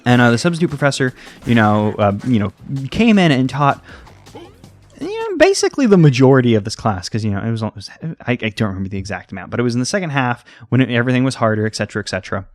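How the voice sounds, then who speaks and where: A man's voice: medium pitch, big pitch swings, fast talker, soft background music. A young American man giving casual, rambling commentary over a video game, full of fillers and side stories. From United States. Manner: rambling, tangent-prone, heavy on fillers. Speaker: let's play host.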